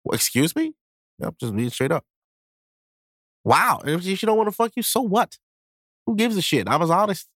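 A man's voice: sits high, very animated, moderate pace, long pauses, a bit bright, dry recording, clean studio sound. A man hosting a podcast in casual chat, blunt and profane, acting out people as he goes. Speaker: podcast host.

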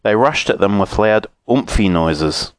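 A man reading a children's storybook aloud, lively and expressive. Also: on the low side, unhurried, no room sound.

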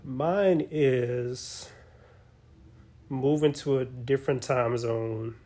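A man's voice: medium pitch, drawn-out words, dark tone. A man in his thirties chatting casually with his partner, laid-back and slangy. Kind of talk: casual chat.

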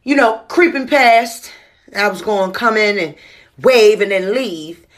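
A woman's voice: medium pitch, measured pace, crowd noise. A woman calling in to a casual show, ranting in an exasperated, slangy way. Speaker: caller. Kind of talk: casual chat.

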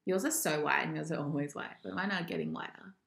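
A woman's voice: low-pitched, fast talker, creaky, fairly bright tone. A young woman co-hosting a podcast, chatting in an effusive, enthusiastic way. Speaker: podcast co-host. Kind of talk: casual chat. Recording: roomy echo.

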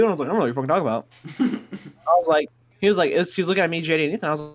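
A man's voice: on the high side, quick pace. Rowdy, foul-mouthed male storyteller. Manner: profane, rowdy, excitable anecdotes. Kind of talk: casual storytelling chat.

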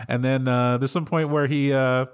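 A man's voice: medium pitch, fairly even intonation, unhurried, clean tone. A man hosting a casual film review podcast, laughing often as he retells scenes. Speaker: podcast host.

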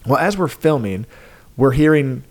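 A man's voice: mid-range voice, normal speed. A middle-aged man with a New York accent, co-hosting a marriage podcast in a casual, joking storytelling way. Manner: storytelling, joking, animated asides. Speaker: podcast co-host. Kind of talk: casual chat.

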